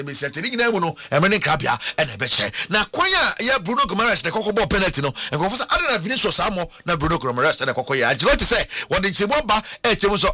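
A Ghanaian man presenting sports on radio, excitable, switching between languages and slipping into sing-song phrases. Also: high-pitched, no room sound. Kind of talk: sports radio talk mixing Twi and English.

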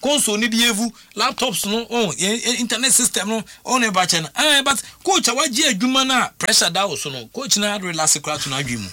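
A man speaks on talk radio in an animated, questioning way. His voice is very bright and sits a little high for a man. He keeps checking that his listeners follow him. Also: brisk, few pauses, no room sound. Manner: animated, code-switching, repeats "you understand?". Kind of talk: casual talk radio commentary.

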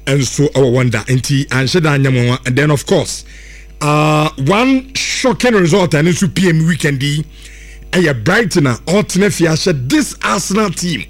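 A man's voice: fairly high pitch, expressive, moderate pace. A man, a radio presenter chatting loosely and ramblingly about football. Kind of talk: casual radio football chat.

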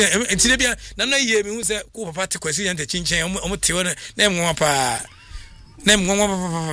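A man hosts a radio sports show. His voice sits a little high and sounds bright and forceful, and his delivery is animated and excitable, with frequent laughter. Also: no room sound.

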